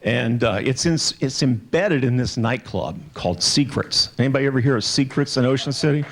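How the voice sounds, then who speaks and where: A man's voice: medium pitch, a little fast. A man in his sixties giving a candid, joking keynote speech at a conference. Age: 60s. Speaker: keynote speaker.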